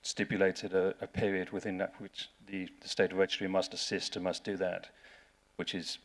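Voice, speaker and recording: English man, very low voice, flat delivery, dry wit, seminar speaker. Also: moderate pace. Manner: dry and wry, with frequent restarts. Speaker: lawyer giving a seminar talk. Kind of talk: conference presentation.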